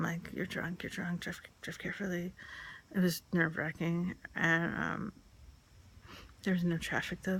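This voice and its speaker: Slow, gravelly woman telling a candid story. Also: fairly low pitch, a bit bright. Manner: candid, rambling, full of "like" and "um". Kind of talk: confessional personal storytelling.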